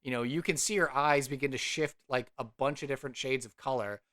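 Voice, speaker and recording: A man's voice: medium pitch, a little fast, a bit bright. A man casually narrating his character's actions in a tabletop game, rambling with many fillers. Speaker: player.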